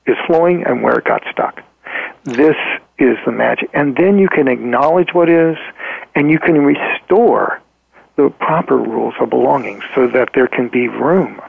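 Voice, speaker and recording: A man telling a client story as a guest in a podcast interview, earnest and halting, with frequent ums and restarts. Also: medium pitch, gravelly, husky, no echo. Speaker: guest therapist. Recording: tinny phone-like line.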